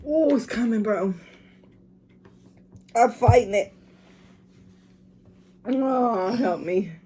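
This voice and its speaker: A woman's voice: a little high, drawn-out words, mellow, slight background noise. A woman, a mother filming at home, chatting casually to her viewers and groaning with strain as she talks. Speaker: vlogger doing a drinking challenge.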